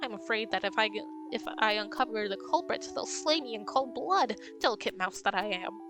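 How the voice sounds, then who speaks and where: A woman's voice: medium pitch, brisk, over music, close to an everyday voice. A woman voicing a delicate, fretful female mouse who melodramatically begs heroes for help in a game. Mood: pleading dramatic. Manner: melodramatic, pleading.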